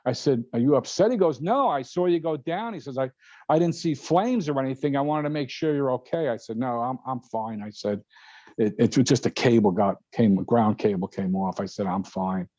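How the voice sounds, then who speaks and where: An older man and guest pilot, telling a story in casual talk, animated and laughing often as he acts out other people's voices. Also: mid-range voice, a little fast, dry recording. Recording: dull lo-fi sound.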